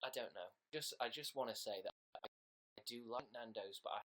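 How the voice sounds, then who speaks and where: A man's voice: medium pitch, moderate pace, pushed and bright, slight background noise. A man with an English accent chatting casually on a livestream, rambling and joking at his own expense. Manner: rambling, silly and self-mocking. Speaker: livestream host.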